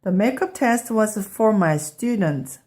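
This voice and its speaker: Storybook teacher read by a woman, kind, patient, lively pitch. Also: measured pace, close to an everyday voice. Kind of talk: children's storybook read-aloud.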